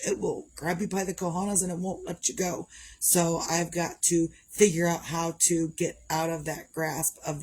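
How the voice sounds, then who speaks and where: A woman's voice: lowish voice, a little mellow, rough recording. Tired, rambling woman vlogger. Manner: rambling, repetitive and candid. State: tired and a bit out of breath. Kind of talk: casual motivational vlog.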